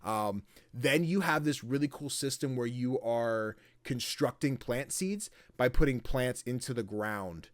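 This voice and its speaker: A man co-hosting a podcast in casual chat, retelling a video game in an animated way and swearing casually. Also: mid-range voice, a little slow, few pauses, dry recording. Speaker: podcast co-host.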